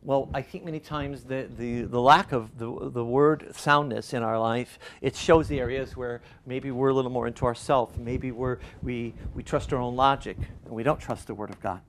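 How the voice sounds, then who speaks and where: Here the older pastor speaks at a medium pitch and moderate pace with fairly even intonation and almost no pauses, over a little hiss or hum. His sermon talk is conversational, built on stories and lessons that rise in emphasis and include quoted voices.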